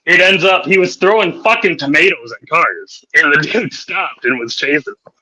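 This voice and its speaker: A man's voice: fairly high pitch, animated, normal speed, a loud crowd, poor audio. A man hosting a podcast, telling profane, rowdy anecdotes in casual chat and laughing through them. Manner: laughs through his stories. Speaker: podcast host.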